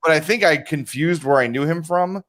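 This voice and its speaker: This podcast co-host has a slightly high, somewhat bright voice at a normal speed. He chats casually and tells rambling stories in a studio set up with video cameras.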